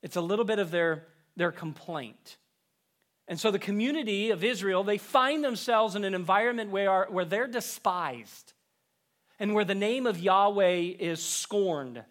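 A man preaching a sermon, rising with emphasis and dropping low at the ends of phrases. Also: measured pace, a bit bright. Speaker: pastor.

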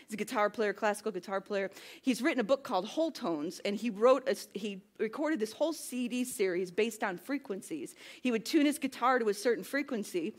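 A woman in her thirties, a worship pastor, giving a sermon in a chatty, self-deprecating way that builds into emphatic preaching. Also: a little high. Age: 30s.

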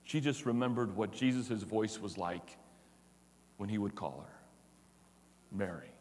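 A male pastor preaching a sermon, moving from hushed, tender passages to loud, emphatic declarations. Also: fairly low pitch, normal speed, big-room sound.

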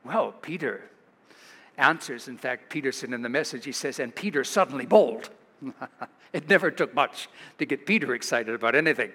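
A man with an American accent preaching a sermon, an animated, chuckling storyteller who rises for the dramatic moments. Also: medium pitch, moderate pace. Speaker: pastor. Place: church sanctuary. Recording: livestream in a reverberant church.

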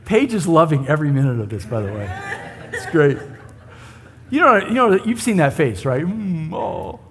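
A male pastor with a slightly high, sing-song voice preaches at a moderate pace, recorded with long hall reverb. His sermon is conversational, and he often poses rhetorical questions to his listeners.

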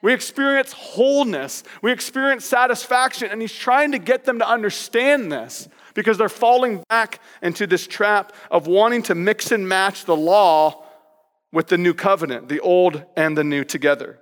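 A male pastor preaching a sermon in a lively, conversational way, hammering points home with playful repetition. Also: sits high, moderate pace, in a large hall.

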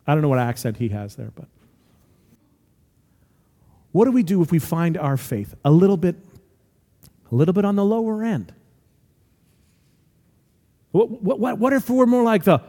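A man preaching a sermon as pastor, lively and acting out the voices he quotes. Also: fairly high pitch, unhurried, long pauses, big-room sound. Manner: animated, acts out quoted voices.

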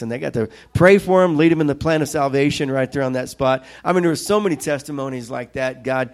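A middle-aged man preaching a sermon, telling stories with lively quoted voices. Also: medium pitch, fast, hardly any pauses. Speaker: pastor.

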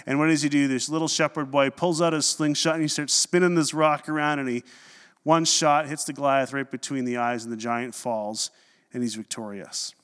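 A man preaching a sermon as pastor in a conversational, animated way, with humorous asides. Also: medium pitch, normal speed, in a large hall.

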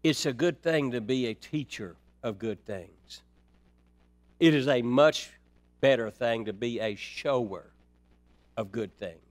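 A man preaching a sermon, folksy and dynamic, dropping to near-quiet then rising high and loud. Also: takes it slowly. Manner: dynamic, swings from soft to loud, folksy asides.

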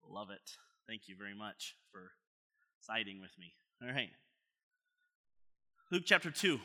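A man's voice: lowish voice, very animated, measured pace, bright, forceful tone. A man preaching a sermon as pastor, in a conversational, playful way, asking his congregation questions at a church service.

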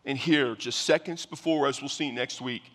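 Pastor guy preaching, bright sharp voice, keeps repeating himself for emphasis, big reverby church. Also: medium pitch, normal speed. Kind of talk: sermon. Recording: long reverb of a large hall.

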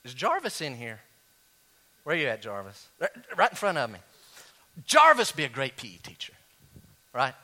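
Animated, bright-voiced male pastor preaching. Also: normal speed, long pauses. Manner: animated, rising to high exclaims, then dropping low and quiet. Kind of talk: sermon.

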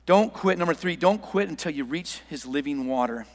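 High-voiced animated male preacher. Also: moderate pace. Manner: animated, swings from quiet to shouting. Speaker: pastor. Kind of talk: sermon with anecdote. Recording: long hall reverb.

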